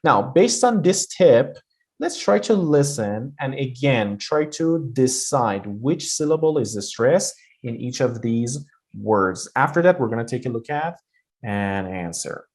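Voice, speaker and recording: A man teaching a video lesson on English pronunciation. He speaks in a casual, encouraging way, explains step by step, and pauses on fillers. His voice sits at an average pitch. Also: animated.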